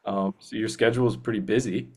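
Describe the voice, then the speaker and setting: A young man speaks in a lowish voice as a guest in a relaxed interview. He rambles earnestly, restarting sentences and leaning on "you know." His tone stays easygoing and enthusiastic. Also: fast talker. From Canada. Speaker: guest voice actor. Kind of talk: casual interview.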